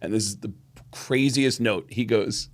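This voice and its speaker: In a relaxed storytelling chat on a podcast he co-hosts, a middle-aged man animatedly imitates the people he quotes. His voice is fairly low and a little slow.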